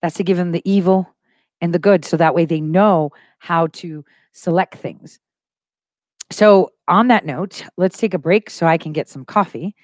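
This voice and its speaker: Speaking at a measured pace in a voice on the low side, a livestream host makes her points emphatically and with conviction, repeating phrases to drive them home. The audio is studio quality with no echo.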